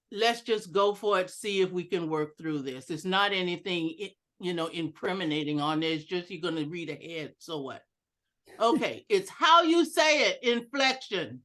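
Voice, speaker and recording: A woman giving an instructional talk over a video call, deliberate and emphatic, joking about her own lack of technical skill. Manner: deliberate, varies pitch and loudness for emphasis. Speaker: educational speaker at a club meeting. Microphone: video call computer mic.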